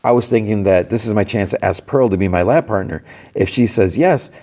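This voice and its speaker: A man voicing an earnest, nervous teenage boy superhero while recapping a cartoon, lifting into an eager, higher tone. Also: a little fast, dark tone, lightly acted.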